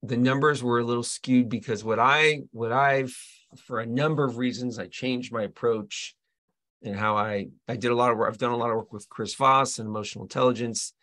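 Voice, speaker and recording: An animated male storyteller talks with a mid-range voice that sits right in the middle for a man. He trails off and restarts as he chats through stories in a relaxed interview. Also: mid-range voice, brisk. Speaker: guest, real estate agent and coach. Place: Colorado.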